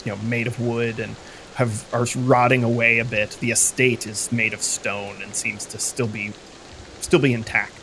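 Game master, male, mid pitch, halting narration with lots of ums, light rain behind. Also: little pitch movement, pushed and bright, a little hiss or hum. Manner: halting, many fillers and restarts.

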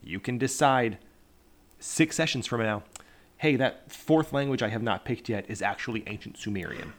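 A man running a tabletop game, explaining rules quickly and joking with players. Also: mid-range voice, slight background noise. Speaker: game master.

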